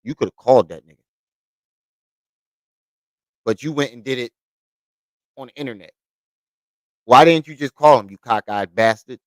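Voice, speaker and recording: A man's voice: medium pitch, moderate pace, long pauses, dry recording, low-quality recording. A man giving heated reaction commentary, scolding and mocking the person in the clip and repeating his points. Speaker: commentary host reacting to clips.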